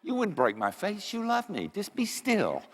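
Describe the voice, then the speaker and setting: Prissy little female dog, voiced by a man, high sweet pleading voice, self-satisfied, long church reverb. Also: huge pitch swings, normal speed, heavily acted. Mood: coaxing.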